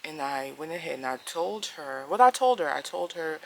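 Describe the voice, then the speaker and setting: Emphatic woman vlogger, gravelly bright voice. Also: deep voice, expressive, moderate pace, hardly any pauses, slight background noise, rough recording. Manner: earnest, emphatic, acts out quoted lines. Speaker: family vlogger. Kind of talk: casual storytelling to camera.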